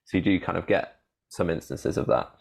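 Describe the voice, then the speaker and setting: A man co-hosting a casual podcast, running a quiz with halting, rambling talk and frequent laughter. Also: low-pitched, gravelly, breathy edge.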